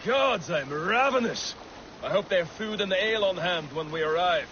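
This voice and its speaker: An actor playing a blunt, eager Viking warrior with a hearty, boisterous way of talking. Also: male voice, high-pitched, lively intonation, normal speed, bright, forceful tone. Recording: muffled game audio with water noise.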